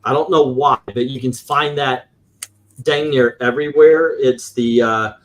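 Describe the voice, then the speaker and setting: Guy in casual chat, blunt and excited, swears sometimes, normal middle pitch. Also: a little slow. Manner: enthusiastic, blunt and profane. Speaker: co-host of comic review show.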